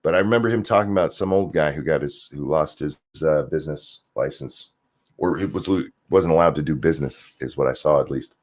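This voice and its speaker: A man's voice: very deep voice, brisk. A man hosting a stream, ranting sarcastically and profanely as he reacts to viewer comments. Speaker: streamer host.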